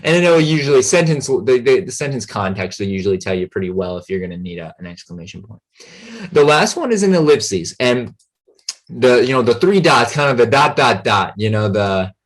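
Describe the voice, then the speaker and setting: Here a male tutor wanders casually through a grammar lesson, leaning on fillers and pausing to make sure his students are following. He speaks at medium pitch.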